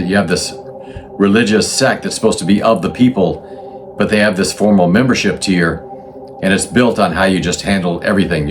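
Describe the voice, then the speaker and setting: A man's voice: deep voice, a little hiss or hum. A man hosting a history talk, explaining in a loose, unscripted way with frequent restarts and self-corrections. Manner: conversational, thinks aloud with restarts and self-corrections. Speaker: channel host explaining religious history.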